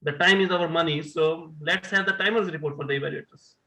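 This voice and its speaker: A man runs part of an online club meeting, briskly praising reports and passing to the next speaker. His voice is high and bright. He comes through a video call. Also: poor audio. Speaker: general evaluator.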